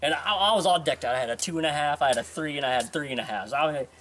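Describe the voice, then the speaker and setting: A man's voice: on the high side, racing, a bit bright, slight background noise. A young man casually telling a story to a friend, acting out the voices of others, laughing often and swearing freely.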